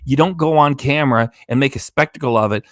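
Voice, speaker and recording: A man's voice: mid-range voice, fast talker, a bit bright, no echo, studio quality. A tired man hosting a reaction channel, ranting with indignant sarcasm about a live stream. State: tired, low energy. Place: home studio with green screen.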